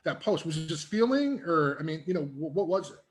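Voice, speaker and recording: A man's voice: on the high side, animated, a little fast. A man hosting a podcast interview, asking questions full of fillers and restarts. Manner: hesitant, filler-heavy questions. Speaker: podcast host.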